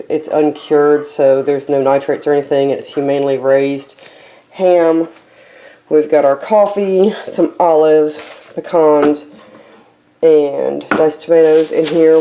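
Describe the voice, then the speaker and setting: Low mellow woman vlogging with hiccups. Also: a little hiss or hum, low-quality recording. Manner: chatty, explains food items one by one. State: has hiccups. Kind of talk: casual vlog narration.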